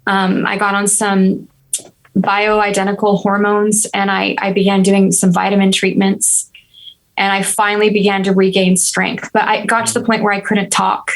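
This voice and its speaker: A woman in her thirties speaks as a podcast guest, recounting a personal ordeal with earnest, reflective candor. Her pitch sits in a middle register and stays fairly level, with little rise and fall. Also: moderate pace, poor audio. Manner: earnest, reflective, steady and even-toned. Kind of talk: candid personal storytelling.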